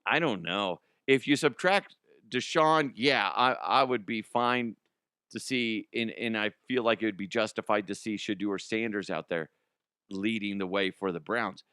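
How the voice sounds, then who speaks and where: A man hosting a loose, comedic sports talk show in a rambling, profane style. His voice sits on the low side, and he keeps veering into mock impressions of other people. The sound is dry and close, with no room echo. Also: measured pace, pushed and bright, clean tone.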